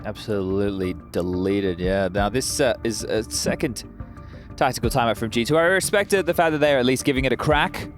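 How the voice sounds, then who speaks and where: A man giving measured color commentary and tactical analysis during an esports match, with a dry sense of humour. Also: medium pitch, soft background music.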